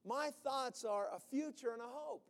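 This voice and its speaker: A man preaching a sermon in an animated way, breaking into sudden shouts as he acts out worried voices. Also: very high voice, moderate pace, big-room sound.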